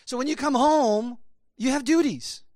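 A man's voice: extremely high pitch, normal speed, darkish tone, no room sound, clean studio sound. A man preaching a conversational sermon, rambling with many fillers. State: choked up, emotional. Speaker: pastor.

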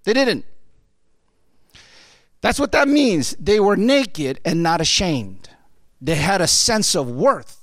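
Animated male preacher with a lively voice. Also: high voice, slow pace, long pauses, no echo, studio quality. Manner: animated, conversational preaching with frequent "right?". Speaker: pastor. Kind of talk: sermon.

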